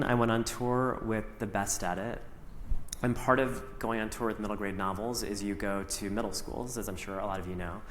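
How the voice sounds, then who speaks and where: A middle-aged man speaks onstage in a large hall, his voice carrying a long, roomy echo. He recounts his own story openly and acts out his past words, at an ordinary pitch. A faint hum sits behind him. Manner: animated, acts out his own past lines, laughs often. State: briefly emotional. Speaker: author and actor, keynote guest. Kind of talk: onstage conversation, personal storytelling.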